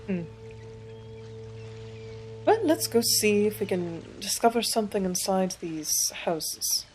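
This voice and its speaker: A woman narrates her let's play of a story game, chatty and prone to giggles, thinking aloud as she explores. Her voice moves lively up and down, with faint game music under it. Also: mid-range voice, slow. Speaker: gaming channel host.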